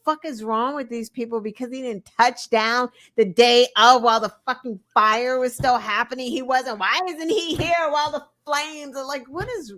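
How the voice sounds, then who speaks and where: High-voiced, exasperated podcast woman. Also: moderate pace, hardly any pauses, fairly bright tone. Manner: emphatic, exasperated, swears freely. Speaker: podcast co-host. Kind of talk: casual political chat.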